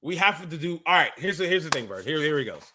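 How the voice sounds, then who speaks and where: A man's voice: a little high, big pitch swings, fast, background noise. A man co-hosting a wrestling podcast, talking in a casual chat as a worked-up fan who rants with emphatic exasperation.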